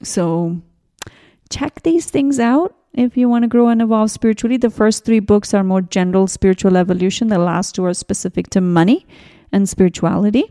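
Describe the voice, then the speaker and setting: Woman in her 40s, soft mellow voice, rambly chat about spiritual growth, keeps going off on tangents. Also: mid-range voice, moderate pace. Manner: gentle, rambling, with side tangents and restarts. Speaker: podcast host. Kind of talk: casual spiritual podcast talk.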